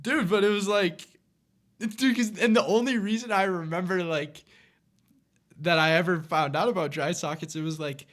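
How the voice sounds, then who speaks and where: A man's voice: sits high, normal speed, a bit bright. A young man co-hosting a podcast, telling a story in casual chat, rambling with lots of fillers and laughing often. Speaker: podcast co-host.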